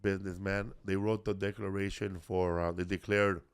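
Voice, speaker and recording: A man's voice: sits low, little pitch movement, moderate pace, smooth. A man hosting a comedy history podcast in casual chat, rambling with lots of fillers, restarts and swearing. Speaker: podcast host.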